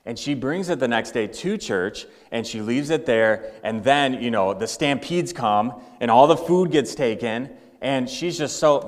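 A man's voice: mid-range voice, lively intonation, a little slow, hardly any pauses, big-room sound. A male pastor preaching a sermon in a conversational way, acting out everyday examples. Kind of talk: sermon with storytelling.

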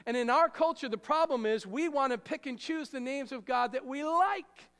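A man preaching a sermon in a conversational way, joking with the congregation and hitting words with sudden loud emphasis. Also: very high-pitched, moderate pace. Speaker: pastor. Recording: long hall reverb.

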